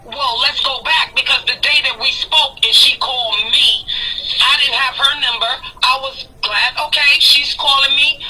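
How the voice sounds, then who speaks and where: Defiant woman, blunt and profane, high and bright, on a slightly noisy call. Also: fairly even intonation, moderate pace. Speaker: guest telling her side. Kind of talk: heated phone call storytelling.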